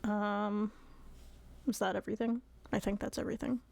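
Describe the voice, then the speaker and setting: A woman's voice: mid-range voice, little pitch movement, normal speed, gravelly, a little mellow. A woman streamer chatting casually with her viewers, giggly and apologetic.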